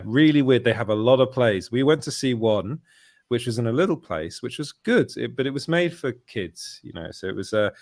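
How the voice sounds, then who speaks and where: A man's voice: medium pitch, no room sound, clean studio sound. A man, telling a rambling anecdote in casual chat, often correcting himself. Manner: rambling, self-correcting storyteller with laughs. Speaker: podcast host.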